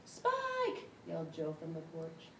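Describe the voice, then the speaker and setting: A woman reads a storybook aloud with a low voice that swings widely in pitch. She is expressive and breaks into sudden shouts and yelps. The sound is echoey and distant, over a clear rumble. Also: a little slow. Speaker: storybook reader. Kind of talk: reading a picture book aloud.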